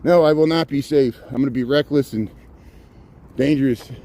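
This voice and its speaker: A man's voice: medium pitch, gravelly. A man talks as he walks through a city park at dawn, filming on a handheld phone and chatting to his livestream viewers. He rambles, repeating words and restarting his sentences, and sounds a little out of breath. Traffic hum and street sounds sit faintly behind his voice. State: slightly out of breath from walking. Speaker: walking livestream host. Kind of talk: casual live walking commentary.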